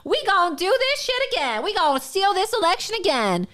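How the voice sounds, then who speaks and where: A mocking politician impression, as a woman puts it on, pitched higher than her usual voice and drawn out slowly. Slangy catchphrases get stretched and repeated in a loud, exaggerated drawl. It sounds like a satirical impression. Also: lively intonation.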